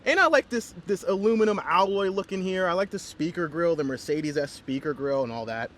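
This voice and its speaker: Bright-voiced man rambling about a car. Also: high-pitched, fairly quick. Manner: chatty, rambling, frequent fillers and restarts. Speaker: car reviewer. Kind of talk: casual car review vlog. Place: inside a car. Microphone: camera mounted in the car.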